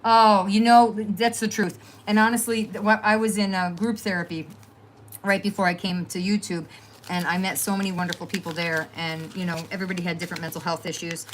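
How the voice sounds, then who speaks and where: A woman's voice: lowish voice, little pitch movement, brisk, a little hiss or hum. A middle-aged woman hosting a crafting livestream at home, rambling and chatty as she talks to viewers and trails off with fillers. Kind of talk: casual chat to live viewers.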